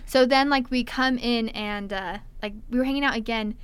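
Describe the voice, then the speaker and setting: A young woman telling a story in casual chat, animated, acting out quotes and saying "like" a lot. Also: fairly high pitch, normal speed, clear, resonant tone. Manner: animated, acts out quotes, heavy filler "like". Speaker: storyteller guest.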